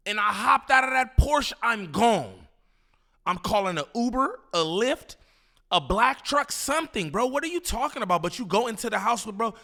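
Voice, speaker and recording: A man's voice: sits high, expressive, normal speed, creaky, pushed and bright. Incredulous slangy man reacting to a clip. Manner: incredulous, slangy, repeats himself, laughs. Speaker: commentary host reacting to a clip. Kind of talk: casual reaction commentary.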